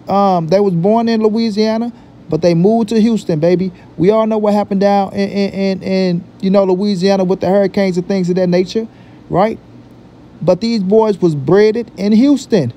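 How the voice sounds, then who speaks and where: A man's voice: sits high, steady tone, moderate pace, dark tone. A man hosting a boxing vlog, giving his opinion in emphatic, repetitive talk full of profane street slang. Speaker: boxing commentary vlogger.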